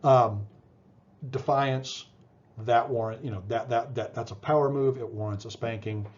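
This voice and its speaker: Middle-aged male lecturer, relaxed warm tone, chatty with restarts, lo-fi classroom recording. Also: mid-range voice, unhurried. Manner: conversational, many fillers and restarts, asks "right?". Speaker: psychology lecturer.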